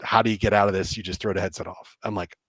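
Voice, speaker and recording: A man, a game developer, telling animated stories as a guest and acting out people's reactions with frequent laughs. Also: on the low side, fast talker, no echo. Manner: excitable, acts out reactions, laughs often. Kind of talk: animated storytelling.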